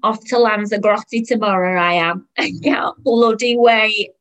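A woman doing a loud, crude Welsh woman. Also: mid-range voice, fairly quick, natural voice. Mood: brash. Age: 30s. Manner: shouting, coarse and mocking. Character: loud brash woman on a train, crude and boozy.

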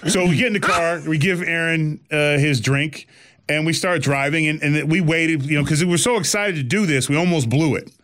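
Animated man telling a story. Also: fairly high pitch, normal speed. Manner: animated, acts out quoted lines. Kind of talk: casual storytelling chat.

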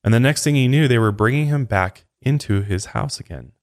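A man hosting a podcast, narrating a true crime case in a steady, casual way with occasional asides to a co-host. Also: medium pitch, a little fast.

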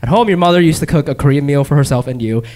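A man hosting a casual chat, joking and firing off quick follow-up questions. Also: on the high side, a little mellow. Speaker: host.

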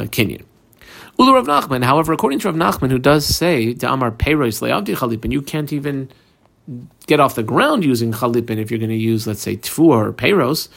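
A man's voice: medium pitch, vocal fry. A man teaching a Talmud class, methodically walking through the page line by line and quoting the Aramaic text.

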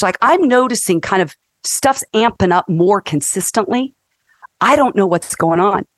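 A woman in her fifties, a counselor and guest, talking in an animated, emphatic teaching way on a faith-based podcast. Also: a little high, moderate pace, no echo, studio quality.

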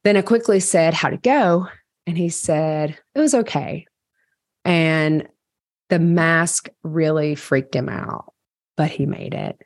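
A woman with a low, grounded voice tells her story in a candid, conversational way, with plenty of fillers and restarts. When she replays what went through her head, she gets animated. The recording is close and dry, with no room sound. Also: slow, dry recording. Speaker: podcast host reading her journal.

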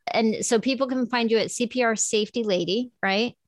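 A woman's voice: on the high side, a little fast, dry recording, studio quality. A woman hosting a podcast, interviewing a guest and then summing up, encouraging and enthusiastic. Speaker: podcast host. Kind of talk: interview and host wrap-up.

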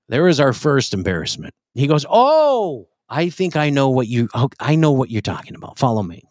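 A man in his forties telling a crude comic story on a podcast, profane and animated, acting out other people's lines. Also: mid-range voice, moderate pace, hardly any pauses, noisy background. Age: 40s. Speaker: podcast co-host.

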